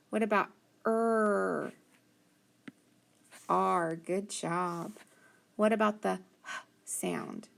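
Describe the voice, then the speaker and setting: A woman with a mid-range voice runs a phonics lesson for young children, carefully sounding out letters slowly and clearly while praising them frequently.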